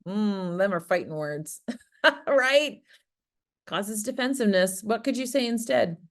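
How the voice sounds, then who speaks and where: A woman's voice: mid-range voice, expressive, measured pace. A woman presenting an interactive workshop, talking in an engaging way, asking the audience questions and acting out example phrases. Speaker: workshop presenter on farmer wellbeing. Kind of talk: interactive online workshop talk. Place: Prince Edward Island, Canada.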